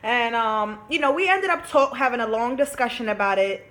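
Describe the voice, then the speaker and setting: A woman's voice: a little high, normal speed, a bit bright. A young woman telling a story to camera in a candid, chatty way, swearing freely and filling her talk with "like" and "you know.". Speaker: vlogger. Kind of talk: casual storytime chat.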